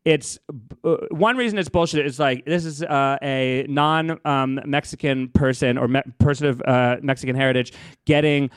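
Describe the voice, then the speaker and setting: A man's voice: medium pitch, moderate pace, smooth, no room sound, clean studio sound. A man co-hosting a casual comedic podcast, telling a story in a rambling way with lots of fillers. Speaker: podcast co-host.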